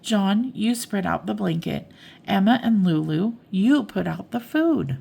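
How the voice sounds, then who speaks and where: A woman's voice: medium pitch, lively intonation, a little slow, vocal fry, mellow, slightly rough, voice pushed up, full character voice. An older woman voicing a cheerful, bossy farmer's wife who hands out chores. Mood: chirpy.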